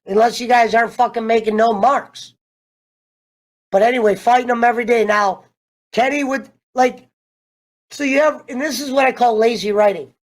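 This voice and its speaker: A man casually ranting through a TV show review, animated and profane, wandering off on tangents. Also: very high-pitched, normal speed. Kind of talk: casual rambling rant.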